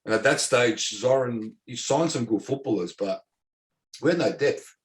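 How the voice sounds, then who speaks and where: A man's voice: medium pitch, normal speed. A middle-aged Australian man, a former footballer, telling stories in a casual interview, repeating words and filling with "um". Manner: rambling, repeats words, many fillers. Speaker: former professional footballer, guest.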